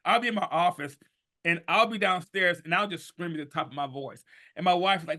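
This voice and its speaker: A man in his fifties with a bright, slightly high voice tells his story as a podcast guest. He talks in an animated, emphatic way that swings between low, hushed stretches and loud bursts. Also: brisk. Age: 50s. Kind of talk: storytelling in conversation.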